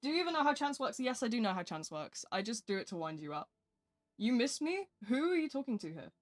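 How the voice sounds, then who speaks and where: A woman's voice: fairly high pitch, sing-song, fast. A young woman with a British accent chatting casually on a live game stream, rambling and self-deprecating as she reads her chat aloud from a home desk mic.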